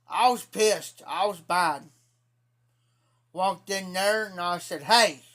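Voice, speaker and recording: A man's voice: sits high, animated, slow pace, bright, forceful tone. A man with an Ohio accent telling a rambling, profane story to his live-stream chat in a casual way. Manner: rambling, profane, repeats himself.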